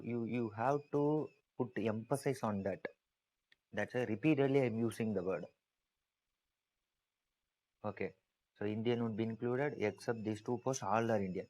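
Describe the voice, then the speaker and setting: A man's voice: lowish voice, poor audio. A male teacher giving an online exam-prep lecture, repeating key points with emphasis and asking students to type their answers.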